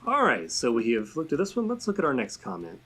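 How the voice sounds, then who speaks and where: A man hosting a casual podcast, reading out viewer comments and chatting about superhero movies with an animated, expressive delivery. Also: medium pitch, quick pace, husky, faint music behind. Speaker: podcast host.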